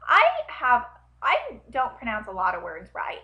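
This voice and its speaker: A woman's voice: a little high, wildly swooping pitch, a little slow, pushed and bright. Chatty young woman with a slight twang. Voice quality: slight twang on her words. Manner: chatty, rambling, full of ums and likes. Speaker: vlogger. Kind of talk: casual chat answering tag questions. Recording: dull lo-fi webcam audio.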